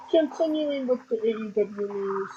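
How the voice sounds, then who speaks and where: A man co-hosting a casual podcast, his voice high and swinging in pitch. He rambles through news items with steady ums and restarts. The recording sounds muffled, with clear noise underneath. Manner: rambling, filler-heavy delivery with frequent ums. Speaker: podcast co-host. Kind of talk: casual wrestling news chat. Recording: dull lo-fi audio with clear noise.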